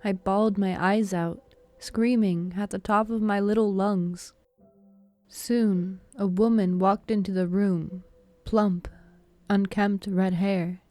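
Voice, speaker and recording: A woman narrates a spooky story in a slow, deliberate reading with little rise and fall in her voice. Her tone is dark and mellow and stays steady from line to line. Soft music plays faintly underneath. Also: medium pitch, no room sound. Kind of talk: scripted narration. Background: faint background music.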